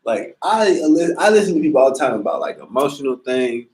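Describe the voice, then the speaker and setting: Man, casual talk, lively swooping pitch, slangy and profane, unscripted rant. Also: fairly quick. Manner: profane, slangy, animated storytelling. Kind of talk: casual monologue.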